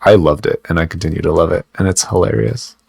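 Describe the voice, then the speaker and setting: A man's voice: low-pitched, quick pace, creaky, darkish tone, husky, no echo. A man co-hosting a podcast, chatting in a loose, rambling, joking way. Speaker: podcast co-host. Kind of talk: casual podcast chat.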